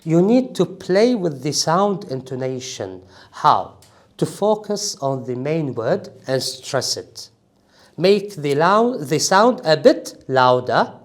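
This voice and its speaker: Man, 40s, Iraqi Arabic accent, IELTS trainer, classroom lecture, high voice, emphatic, keeps checking the class understands. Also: sing-song, slow pace. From Iraq. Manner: emphatic, checks in with "okay?" and "is that clear?".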